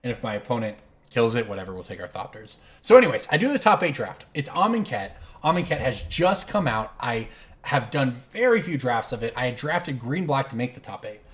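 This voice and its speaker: A man's voice: medium pitch, fairly quick. A man hosting a card game stream, telling a long anecdote between moves, rambling and correcting himself as he goes. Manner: rambling, self-correcting, animated storyteller. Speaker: host playing online card game. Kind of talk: casual storytelling while playing.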